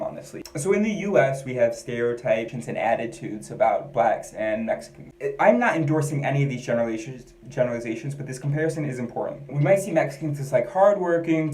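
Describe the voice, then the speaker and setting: Candid American man musing aloud, average pitch, reverberant room sound. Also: darkish tone. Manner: rambling, self-questioning, candid. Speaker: vlogger. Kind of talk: personal monologue. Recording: echoey room.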